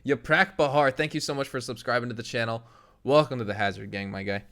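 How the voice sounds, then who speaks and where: A man's voice: medium pitch, steady tone, fast talker, a bit bright. Laid-back young male streamer. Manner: loose, laughing, reads chat aloud and tries impressions. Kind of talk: casual live-stream chat.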